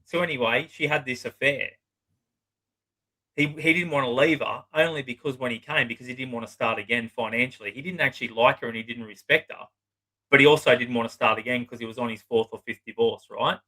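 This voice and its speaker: The audio is poor, but this middle-aged psychotherapist guest comes through brisk and forceful, with a bright, medium-pitched voice. In a loose storytelling interview, he talks about clients bluntly, curses freely and frequently acts out their words.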